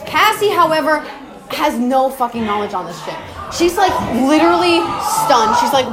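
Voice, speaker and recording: High-pitched young woman rambling casually. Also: sing-song, normal speed. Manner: rambling, laughing, swearing, slangy. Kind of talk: casual recorded chat about game lore. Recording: roomy echo with music behind. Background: clear music.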